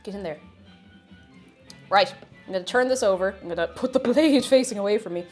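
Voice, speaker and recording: A woman's voice: medium pitch, fairly quick, faint music behind. A young Irish woman with a Tipperary accent, chatting and giggling with her viewers while cooking on a live stream. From Tipperary, Ireland. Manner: chatty, giggly, greets chat warmly. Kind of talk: casual cooking stream chat.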